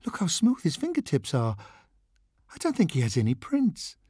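Fortune-teller woman in a witch getup, coaxing and sing-song, pitched way up, as a male narrator puts her on, husky edge. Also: wildly swooping pitch, moderate pace, warm tone, dry recording, studio quality, full character voice. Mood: puzzled. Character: female fortune teller in witch costume, cheerful. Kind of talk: audiobook narration.

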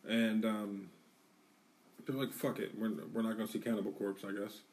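A podcast co-host tells a rowdy story casually, swearing a lot and acting out what people said with animated energy. His voice is fairly low at a moderate pace, picked up by a distant mic.

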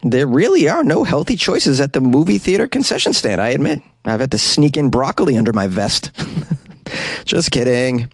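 A man's voice: mid-range voice, very animated, normal speed, slightly rough, dry recording, studio quality. A man hosting a casual show who reads out odd news items and reacts with sarcastic jokes and casual swearing. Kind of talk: casual commentary on news stories.

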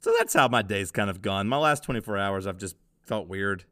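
A man's voice: on the low side, animated, a little fast, bright, forceful tone, no echo, studio quality. A young man co-hosting a casual podcast, telling a rambling story and laughing easily. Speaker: podcast co-host.

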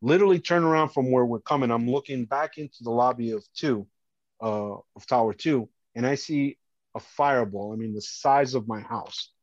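A middle-aged man, telling a personal story as a podcast guest, earnest and animated, often acting out what others said. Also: mid-range voice, moderate pace, no room sound, highs cut off.

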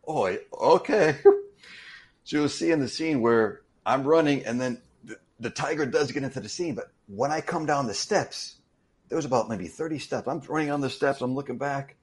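A man's voice: mid-range voice, brisk. Man telling a stunt story. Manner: animated anecdote-telling with repeated restarts. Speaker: interview guest, stuntman. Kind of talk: casual storytelling.

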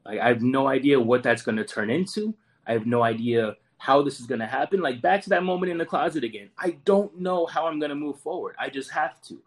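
A man's voice: medium pitch, lively intonation, brisk. A man in his forties, a Marine veteran guest, earnestly telling a personal story and often repeating words as he goes. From United States.

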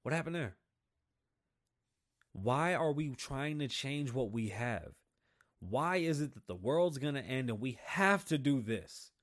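A man's voice: mid-range voice, animated, unhurried, a bit bright. A man hosting his own show, ranting heatedly about politics, swearing often and mocking the people he disagrees with. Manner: heated, profane, mocking voices of opponents. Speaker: podcast host. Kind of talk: opinionated political rant.

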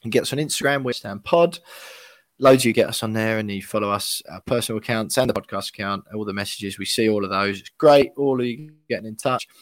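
A man's voice: fairly low pitch, quick pace, no echo. A young man from England hosting a podcast, talking in a matter-of-fact, bantering way. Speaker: podcast host. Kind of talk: casual chat and podcast plugs.

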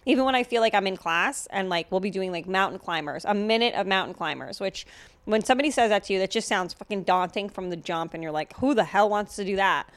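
A woman's voice: medium pitch, fast, no room sound. A woman co-hosts a podcast in loose, casual chat. She is blunt and swears freely, jokes as she goes and fills her talk with "like" and "literally". Her voice is dry and close, with no room sound. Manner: blunt, profane and joking, with many fillers. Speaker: podcast co-host.

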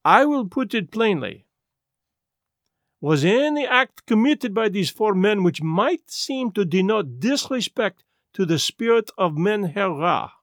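A fussy Belgian detective, as voiced by a man in an audiobook, with a high voice that rises and falls a lot. He speaks slowly and deliberately, and the recording is dry and close. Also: sing-song, fairly bright tone, no echo, full character voice. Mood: probing. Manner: measured, deliberate questioning. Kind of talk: audiobook character voice.

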